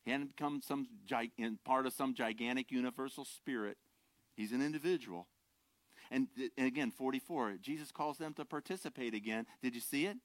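An older man preaching a sermon. He is animated and swings between loud, impassioned lines and quiet, wry asides. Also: medium pitch, fairly quick, no room sound. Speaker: pastor.

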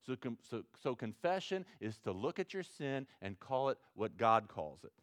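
A man preaching a sermon as pastor, acting out prayers and little dialogues, swinging from loud to hushed. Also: mid-range voice, very animated, moderate pace, few pauses, no room sound, studio quality. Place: church sanctuary with congregation.

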